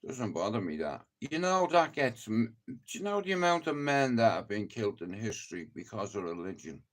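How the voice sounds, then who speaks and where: A man's voice: lowish voice, sing-song, moderate pace. A man with a Dublin accent, rambling and swearing through a casual live-stream chat. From Ireland. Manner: rambling and heavily profane, chatty storytelling.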